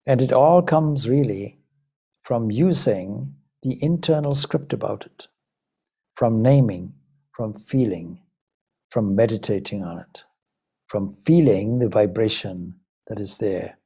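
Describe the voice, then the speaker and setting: A man from Zimbabwe gives a spiritual talk as a Vedanta swami. His voice is mellow and a little husky, and he speaks reflectively, posing question after question to his listeners. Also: on the low side, slow pace. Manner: reflective, many rhetorical questions. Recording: Ireland talk.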